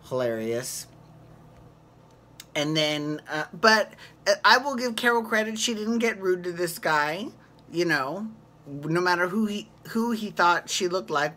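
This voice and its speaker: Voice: mid-range voice, pushed and bright. A host recapping a reality show in a casual, gossipy vlog, chatting and laughing along. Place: home at night.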